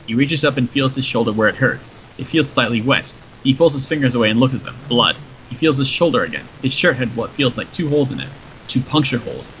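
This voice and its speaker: A man reading a story aloud in a steady, descriptive narration, in a dull lo-fi recording with faint noise. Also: medium pitch, fast. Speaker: story reader.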